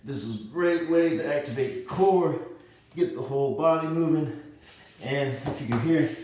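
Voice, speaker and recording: At a moderate pace, a man with a highish, darkish voice coaches a home workout, moving around in front of the camera and demonstrating each move a bit out of breath. He's casual and encouraging, thinking out loud, caught by a distant camera mic in a very echoey room.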